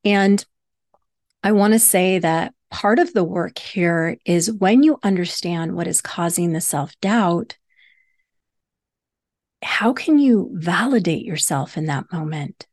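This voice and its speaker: A woman's voice: lowish voice, takes it slowly, darkish tone, no echo, studio quality. A woman hosting a solo self-help podcast, teaching earnestly and repeating key points for emphasis. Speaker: podcast host and hypnosis coach.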